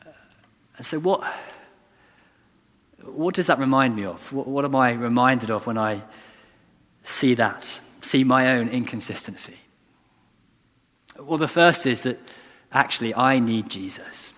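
A man's voice: mid-range voice, expressive, unhurried, pauses often, fairly bright tone. Earnest man preaching in a reverberant church. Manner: earnest, conversational, with many restarts and emphatic repetition. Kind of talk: sermon.

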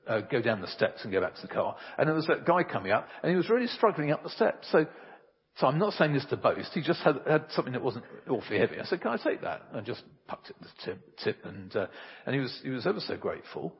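A man preaching. His voice is very husky and his pitch swings widely as he presses his points. He sounds earnest and emphatic, and the sound is dull and lo-fi, with a long reverb trailing off each phrase. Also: very animated, fast talker. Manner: earnest and emphatic, tells homely anecdotes. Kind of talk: sermon.

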